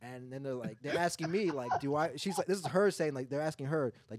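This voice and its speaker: A man's voice: on the high side, quick pace, hardly any pauses, a little mellow, slight background noise. A man co-hosting a podcast, telling a story in casual chat and padding it with lots of "like" fillers. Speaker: podcast co-host.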